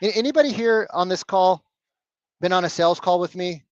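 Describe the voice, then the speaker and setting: A man coaching salespeople live on a video call, blunt and animated, swearing casually. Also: high-pitched, brisk, no echo, muffled recording.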